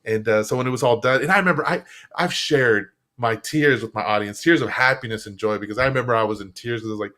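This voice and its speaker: A man, a guest on a live stream show, chatting casually and acting out the quotes in his stories. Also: fast. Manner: animated storyteller, acts out quotes with big pitch jumps. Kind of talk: casual interview chat. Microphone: live stream setup.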